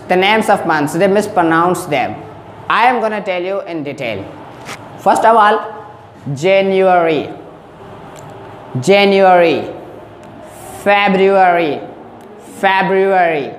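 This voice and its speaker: A woman with a medium-pitched voice teaches a beginner English lesson in a large, echoey hall with a little hiss or hum. She speaks slowly, says words twice to drill pronunciation, and checks in often.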